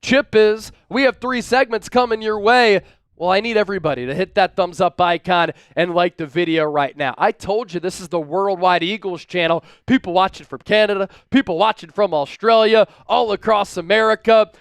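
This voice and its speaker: A man hosting a live-stream sports talk show from a studio, energetic and hyping up his viewers. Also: sits high, moderate pace, clean tone, no room sound. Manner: energetic, hypes up viewers with shout-outs.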